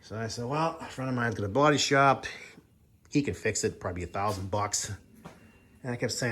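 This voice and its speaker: Husky-voiced man telling a story. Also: on the low side, a little fast, a bit bright. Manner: exasperated, reenacts both sides of conversations. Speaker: vlogger. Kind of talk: casual storytelling.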